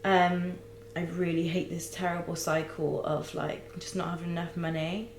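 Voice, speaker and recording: Brief: young woman, lowish voice, halting and near tears, in an echoey room with a faint hum. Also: level tone. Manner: halting, searching for words, many fillers and restarts. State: close to tears. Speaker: vlogger. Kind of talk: candid personal vlog.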